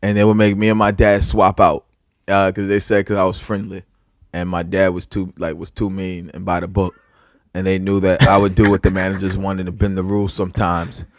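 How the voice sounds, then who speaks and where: A young man, co-hosting a podcast and telling stories in a casual, animated way, swearing and getting loud. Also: deep voice, fairly quick, dry recording, studio quality. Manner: animated, swearing, loud when reliving anger. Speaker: podcast co-host. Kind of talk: casual storytelling chat.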